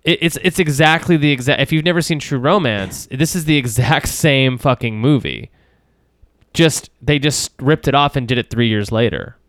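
A man on a casual film podcast, talking in an animated, rambling way with plenty of fillers and restarts. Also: mid-range voice, moderate pace, dry recording, clean studio sound. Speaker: podcast co-host.

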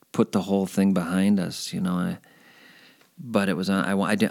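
Man, slightly low voice, former radio host, rambling animated anecdotes. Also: creaky. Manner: animated, rambling, self-deprecating. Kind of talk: casual interview storytelling.

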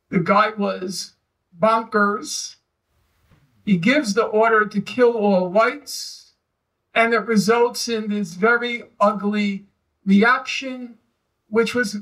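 A historian speaks at a live event, his voice pitched high for a man. He builds his story slowly and with emphasis, digressing as he goes. He sounds some distance from the microphone. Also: pushed and bright. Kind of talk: live public discussion.

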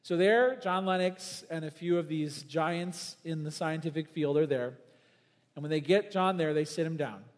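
A man preaches a sermon in a church, his voice sitting high and rising sharply when he presses a point. He swings between loud emphatic bursts and soft, low asides. The sound rings out with a long hall reverb. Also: moderate pace. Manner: emphatic preaching with big swings in pitch and volume. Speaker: pastor.

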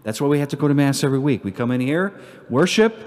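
A man, a priest, giving an earnest homily at Mass that swings between emphatic peaks and hushed prayer. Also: mid-range voice, animated, quick pace. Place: church. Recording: long church reverb.

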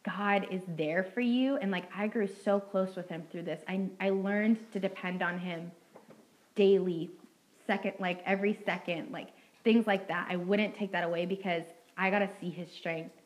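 A woman's voice: mid-range voice, steady tone, normal speed, hardly any pauses, poor audio. A young woman giving an earnest, heartfelt personal testimony to a youth group, speaking casually with many fillers. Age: young adult. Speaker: student speaker at a youth ministry meeting.

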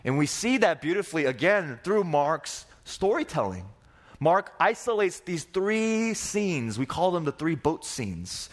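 A young man delivers a sermon in a fairly high voice. He tells the stories with theatrical flair, jumping in and out of the characters' voices. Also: sing-song, a little slow. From Korea. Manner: dramatic, acts out voices of disciples and Jesus. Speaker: pastor.

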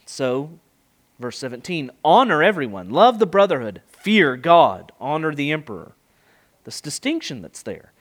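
Brief: middle-aged male preacher, rather high voice, emphatic, rhetorical, verse-by-verse sermon. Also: very animated, measured pace, fairly bright tone. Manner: emphatic, rising and falling delivery with rhetorical questions. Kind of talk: expository sermon.

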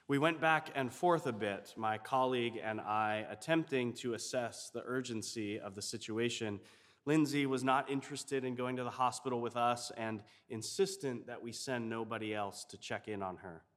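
A man, a chaplain, telling a story in a reflective, measured way. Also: medium pitch, a bit bright, long reverb tail. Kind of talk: storytelling sermon.

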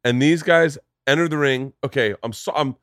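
A man's voice: medium pitch, normal speed, dry recording, studio quality. A man hosting a podcast, telling stories in a casual, joking way, swearing freely and acting out voices. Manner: animated storyteller, swears freely, acts out voices. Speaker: podcast host. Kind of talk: casual comedic chat.

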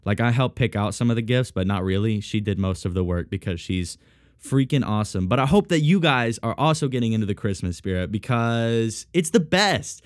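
Sniffly and congested, his voice deepened by a sinus cold, a man chats alone on his podcast in a lowish, animated voice at a slightly fast clip. His manner is joking, rambling and self-mocking. The recording is dry and studio quality.

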